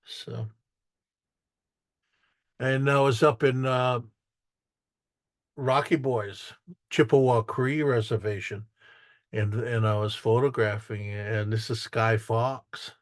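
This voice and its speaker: A man's voice: medium pitch, fairly even intonation, takes it slowly, pauses often, no room sound, studio quality. A man giving a casual artist talk as a photographer, telling stories about his photos in a rambling way, with restarts and acted-out quotes. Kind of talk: casual storytelling while showing photos.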